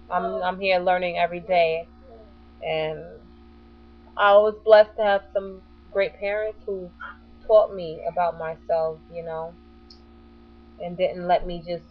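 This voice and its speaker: A woman's voice: lowish voice, muffled recording. A woman speaking her mind in a casual vlog, outspoken and passionate. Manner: outspoken and passionate, building to heated. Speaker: vlogger.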